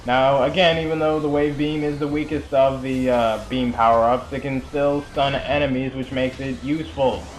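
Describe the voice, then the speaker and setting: A man's voice: mid-range voice, little pitch movement, moderate pace, few pauses, slight background noise. A young man giving casual, rambling commentary over a video game, full of chatty asides and fillers. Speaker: let's play commentator.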